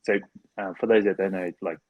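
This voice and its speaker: A man's voice: deep voice, fairly even intonation, a little fast, no room sound, narrow, tinny audio. A man in his forties from New Zealand, a former rugby league player, talking as a podcast guest in a laid-back, rambling way with lots of fillers. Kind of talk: casual interview chat. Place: podcast studio.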